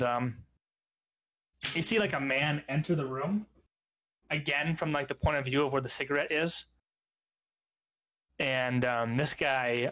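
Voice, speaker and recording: A man's voice: medium pitch, fairly bright tone. Young man running a tabletop game. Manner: loose, filler-heavy, descriptive. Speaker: game master.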